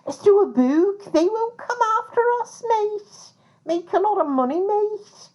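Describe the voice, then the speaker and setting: A woman's voice: very high voice, lively intonation, unhurried, a little mellow, pitched above the performer's own voice. A woman voicing a cocky, scheming man from Liverpool with a put-on Liverpool accent and a chummy manner. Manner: chummy, keeps saying mate.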